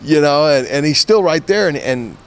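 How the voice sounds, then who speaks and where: A man's voice: a little high, expressive, moderate pace. A man, a former fighter, giving an interview and telling a long anecdote in a loose, rambling way full of restarts. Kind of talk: casual storytelling interview.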